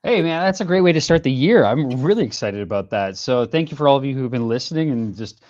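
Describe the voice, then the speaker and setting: A man's voice: medium pitch, expressive, fast, a little mellow, lo-fi sound. A man, a singer-songwriter guest in a casual interview, telling his story earnestly with lots of fillers and restarts.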